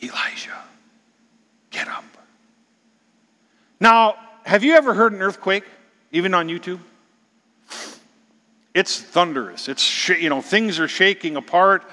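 Delivering a sermon, this middle-aged pastor moves between quiet whispers and loud, dramatic outbursts. His voice is high, bright and forceful, at normal speed with long pauses. The sound echoes with a long reverb, like a big hall.

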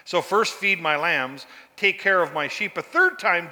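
A man's voice: fairly high pitch, a little slow, few pauses, sharp tone, big-room sound. A man preaching a sermon in a folksy, conversational way, often asking his listeners questions. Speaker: pastor.

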